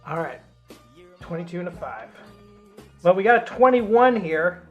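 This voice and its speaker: A man's voice: sits high, very animated, measured pace, phone-quality sound, soft background music. A man hosting a casual call-in show, teasing the caller in a playful way. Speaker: host. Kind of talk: casual chat on a live show.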